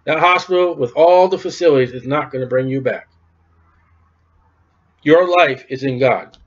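A man's voice: on the high side, moderate pace, dull audio. A man preaching an informal sermon in a conversational way, acting out bits of dialogue as he goes. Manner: conversational, acts out dialogue in quoted voices.

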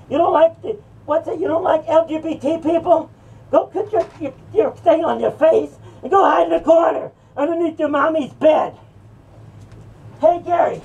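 A woman's voice: high-pitched, vocal fry, warm tone, highs cut off. Woman doing a drunk scornful preacher. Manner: taunting, rowdy, slurring drunk bragging. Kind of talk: comic rant to camera. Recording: distant mic with faint music.

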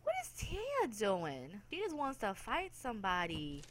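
A woman's voice: mid-range voice, big pitch swings, unhurried, a little hiss or hum. A woman hosting a let's play, giving playful, chatty, teasing commentary over game chatter. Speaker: gaming channel host.

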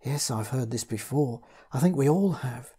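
A man voicing a frightened, jumpy family man who speaks in nervous, halting bursts. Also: mid-range voice, animated, warm tone, breathy edge. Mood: terrified.

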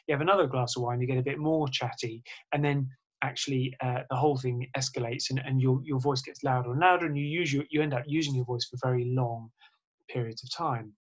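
A man's voice: mid-range voice, highs cut off. A man, a surgeon, giving a spoken lecture in an explanatory way, with frequent fillers and restarts.

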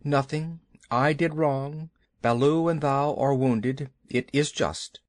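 A man's voice: medium pitch, takes it slowly, dry recording, studio quality, close to an everyday voice. A man voicing a young boy in a children's audiobook, his voice raised to sound boyish. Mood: contrite. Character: young boy raised by wolves, curious and impulsive. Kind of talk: audiobook character voice.

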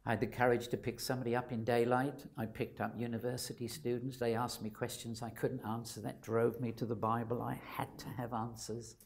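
A man's voice: mid-range voice, level tone, a little fast, vocal fry, hardly any pauses. An older man from England giving a personal testimony at a gathering, telling his story in an earnest, candid and reflective way. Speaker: speaker sharing testimony.

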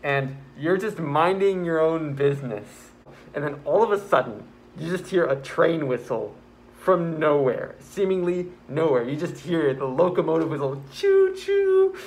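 Man, casual vlogger, slightly high voice; excitable, rambling storyteller with self-mocking asides. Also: normal speed, slight background noise. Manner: building a card house while talking.

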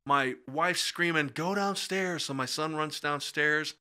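A middle-aged American man telling personal stories as a podcast guest, animated and acting out quoted voices. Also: a little high, a little slow, clear, resonant tone. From USA. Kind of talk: casual storytelling in conversation.

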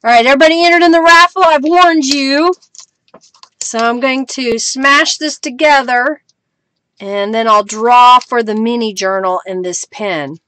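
High-voiced, unhurried woman crafter. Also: sharp tone. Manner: chatty, talks to viewers while working, laughs often. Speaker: crafting live-stream host. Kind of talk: casual live-stream chat.

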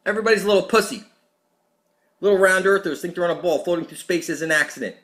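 High-voiced man ranting at the camera. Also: fast talker, a bit bright. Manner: aggressive, profane, preachy. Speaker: channel host.

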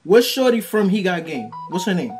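New York man, co-host, lively voice, combative and repetitive in talk. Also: sits high, moderate pace, soft background music. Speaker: podcast co-host. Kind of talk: casual argumentative chat.

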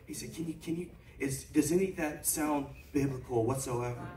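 A man's voice: medium pitch, fairly quick, a crowd in the background. Casting: male preacher, storytelling testimony, heard from a distance in a reverberant sanctuary with congregation sounds. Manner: storytelling, building to shouted preaching. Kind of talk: sermon testimony. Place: church sanctuary. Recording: echoey church from far off.

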